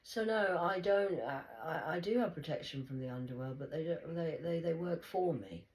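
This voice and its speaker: A woman giving a rambling spiritual monologue, swinging between loud exclamations and soft whispers. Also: low-pitched, animated, normal speed, rough recording. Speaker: spiritual vlogger.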